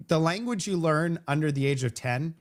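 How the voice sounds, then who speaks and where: A man's voice: fairly high pitch, lively intonation, normal speed. A man from Canada whose first language is French, hosting a live stream in casual chat, rambling with many restarts and fillers. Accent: Vancouver French-Canadian. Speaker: host of a live show.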